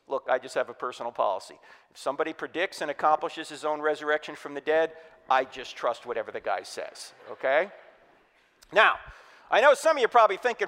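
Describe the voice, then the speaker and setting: Male church speaker from New Jersey, lively, quizzes the crowd, higher voice, reverberant hall. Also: fairly quick. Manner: energetic, joking, quizzes the audience. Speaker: Christian speaker. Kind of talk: humorous apologetics sermon.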